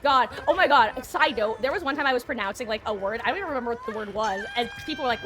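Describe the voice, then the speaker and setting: Woman streamer, chatty gameplay commentary, slightly high voice, frequent laughs. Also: quick pace, hardly any pauses. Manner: chatty, laughs often, talks to viewers and teammates.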